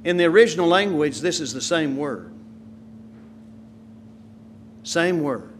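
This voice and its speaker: A man preaching a sermon, swinging from quiet, slow asides to loud, emphatic lines. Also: on the high side, animated, slight background noise.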